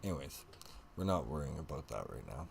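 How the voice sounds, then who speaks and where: Slow, gravelly low-voiced man. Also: big pitch swings, a little mellow. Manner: thinking aloud while playing, easily amused. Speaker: livestreamer. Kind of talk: casual gaming chat.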